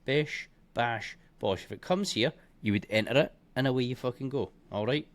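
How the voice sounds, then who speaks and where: A man walking through trading charts in a blunt, heavily profane and scornful way, punctuating points with bursts like boom and bish bash bosh. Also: normal speed. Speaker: trading educator. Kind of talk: live chart walkthrough.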